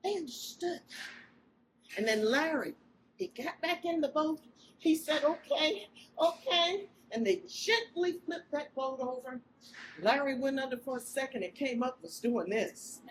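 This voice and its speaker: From a distance and on a rough recording, a woman with a high voice speaks a little slowly over steady background noise. She tells an audience an emotional, inspirational story with expressive delivery, breaking into loud cries whenever she acts out quotes.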